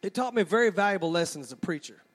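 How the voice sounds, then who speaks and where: High-voiced animated preacher man. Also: rapid-fire. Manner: animated storyteller, acts out childhood scenes. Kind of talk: sermon with storytelling.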